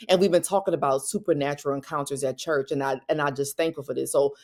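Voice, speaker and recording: Lady sharing a faith story, kinda low voice, gets animated quoting folks. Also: fast talker. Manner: animated, rising pitch when quoting others. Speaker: Christian parenting speaker. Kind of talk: personal testimony storytelling.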